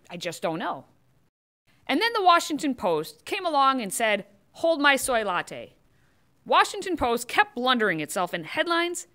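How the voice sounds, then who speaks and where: A woman's voice: on the high side, sharp tone. A woman hosting scripted political commentary, delivering it with sarcastic, mocking asides.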